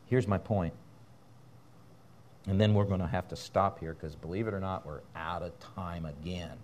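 A man preaching a sermon as pastor in a church, fiery and animated, breaking into laughter and asides. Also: low-pitched, normal speed, a little hiss or hum.

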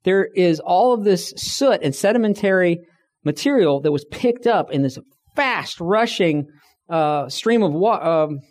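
A man's voice: high voice, expressive, measured pace, a little mellow. Tired man telling stories to a room. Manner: conversational storytelling, acts out quoted voices. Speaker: speaker. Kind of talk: live talk to a room.

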